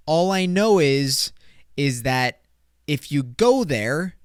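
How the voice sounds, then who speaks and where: A young man hosts a casual solo podcast, joking and rambling as his volume swings from loud bursts to mumbled asides. His voice is smooth and resonant, close on the mic in a dry, dead room. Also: a little high, no room sound. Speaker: podcast host.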